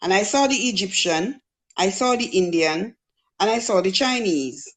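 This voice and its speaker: A woman's voice: medium pitch, lively intonation, moderate pace. Jamaican woman telling her story. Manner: earnest storytelling, acts out quoted voices. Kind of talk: casual testimony.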